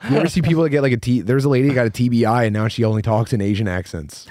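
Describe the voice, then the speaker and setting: A man with a mid-range voice cracking jokes in casual podcast banter, his words spilling out in fast bursts. He is recorded close and dry. He laughs often between lines. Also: medium pitch, steady tone, darkish tone, no echo. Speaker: podcast co-host.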